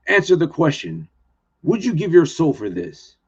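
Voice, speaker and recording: A man reading the part of a menacing, smooth-talking male tempter, insistent and pressing, on dull lo-fi stream audio. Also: on the high side, wildly swooping pitch, moderate pace, pitched above the performer's own voice, heavily acted.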